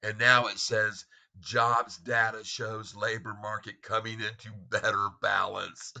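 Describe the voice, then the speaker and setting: A man's voice: fairly low pitch, little pitch movement, unhurried, gravelly, pushed and bright. A man hosting a live stock market stream, reading out prices and taunting short sellers with frequent laughter. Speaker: stock market livestream host.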